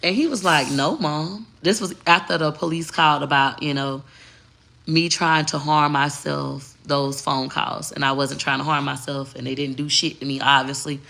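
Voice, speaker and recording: A woman's voice: sits low, fairly even intonation, normal speed, gravelly, bright, forceful tone. A middle-aged woman vlogging in brash, emphatic casual talk, repeating her points.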